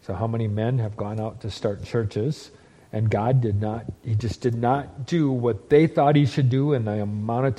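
Earnest preaching man with a mellow voice. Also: medium pitch, breathy edge. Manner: earnest preaching, slows down for emphasis, restarts phrases. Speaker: pastor. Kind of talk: sermon.

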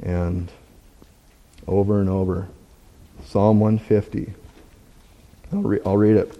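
Mellow-voiced man giving a church testimony. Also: fairly low pitch, level tone. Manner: candid, self-deprecating, halting with many restarts. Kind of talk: conversational sermon talk.

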